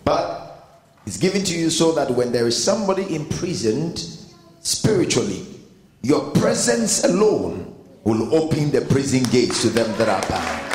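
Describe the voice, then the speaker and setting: A man's voice: medium pitch, darkish tone. A Ghanaian man with a Ghanaian accent preaching a sermon as pastor, emphatic and building in force. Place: church hall. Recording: echoey hall with long reverb.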